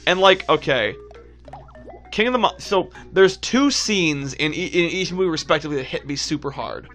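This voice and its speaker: A man co-hosting a gaming video, chatting casually and joking in loud excited bursts. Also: a little high, moderate pace, soft background music. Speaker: co-host of a gaming channel. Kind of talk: casual chat over gameplay.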